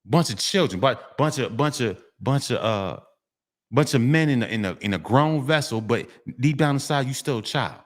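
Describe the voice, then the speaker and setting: A man's voice: medium pitch, animated, normal speed. A middle-aged man, delivering a street monologue vlog, preachy and repetitive, often breaking into sing-song refrains. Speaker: vlogger.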